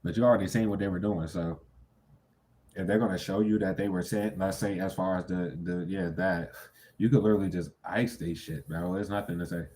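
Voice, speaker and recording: A man's voice: low-pitched, steady tone, fairly quick, dark tone, slight background noise. A young man giving a casual tarot reading, talking bluntly and with heavy profanity, breaking into sudden incredulous outbursts. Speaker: tarot reader.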